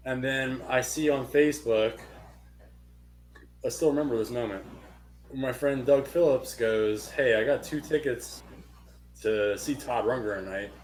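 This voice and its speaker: A young man co-hosting a podcast, telling a long story in casual chat, animated and swearing freely. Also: medium pitch, a little slow, long pauses, slight background noise. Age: young adult. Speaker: podcast co-host.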